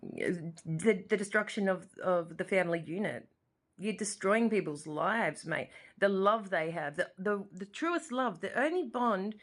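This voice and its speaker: Her medium-pitched voice is animated but a bit slow. At home in her living room, this Australian vlogger in her forties delivers an emotional personal monologue directly to camera, rambling passionately and often repeating herself.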